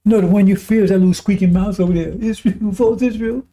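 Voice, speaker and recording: A man with a high voice and a mellow, dark tone delivers a fiery broadcast sermon. He mocks and scorns his listeners, chuckling as he goes and hammering on repeated phrases. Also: fairly even intonation, fast. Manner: mocking, scornful, breaks into laughter, repeats phrases. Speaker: preacher. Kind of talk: impassioned religious broadcast sermon.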